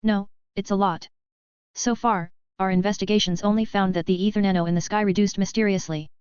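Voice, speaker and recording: An easygoing male council clerk, as a woman narrator reads him, nonchalant in his delivery. The voice is very smooth and clear. The recording is dry and a bit dull. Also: mid-range voice, fairly even intonation, fairly quick, a little mellow, dry recording, close to an everyday voice.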